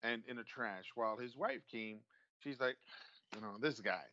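A man's voice: medium pitch, steady tone, normal speed, sharp tone, no room sound, muffled recording. A man in casual chat about a movie he watched, often repeating words and restarting his sentences. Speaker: movie discussion co-host.

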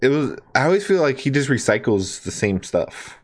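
A man's voice: medium pitch, moderate pace. A man hosting a podcast, chatting casually about comedy specials, laughing often and filling his talk with "like" and "you know". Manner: animated, laughs often, many fillers. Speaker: podcast host. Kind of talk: casual chat.

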